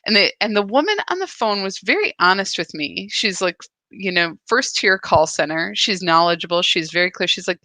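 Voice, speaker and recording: A woman's voice: mid-range voice, expressive, normal speed, sharp tone, dry recording. A woman hosting a daily spiritual practice, speaking earnestly and emphatically, often restarting her sentences as she reflects.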